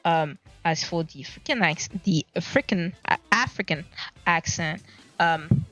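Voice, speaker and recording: Over faint background music, a woman with an unhurried, fairly low, fairly bright voice chats on a casual livestream. She rambles and gropes for words while explaining herself, and her laptop desk mic gives dull lo-fi stream audio.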